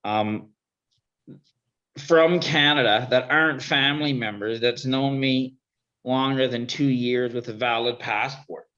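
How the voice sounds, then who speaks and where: A man's voice: mid-range voice, fairly even intonation, a little slow, pushed and bright. A man chatting casually on a video call, laid-back, swearing now and then and trailing off into mumbles. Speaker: guest on a video-call chat show. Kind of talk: casual chat. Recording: dull lo-fi video call audio.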